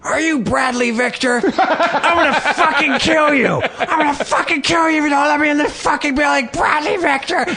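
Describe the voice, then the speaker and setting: A man's voice: fairly low pitch, big pitch swings, slow, sharp tone, voice pushed down, heavily acted. A man voicing a homeless man on the street who mumbles with hesitant fillers and bursts into screaming threats.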